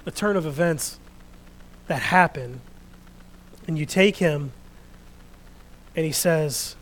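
A man preaching a sermon, reading scripture out loud and then talking quietly and earnestly to his congregation. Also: on the high side, slow pace, long pauses, low-quality recording. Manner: reads scripture loudly, then speaks quietly and reflectively.

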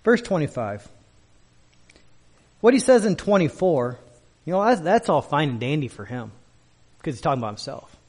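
Pastor, male, high voice, storytelling sermon, restarts often. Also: normal speed, pauses often, breathy edge. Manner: storytelling with animated quoted voices, repeats and restarts.

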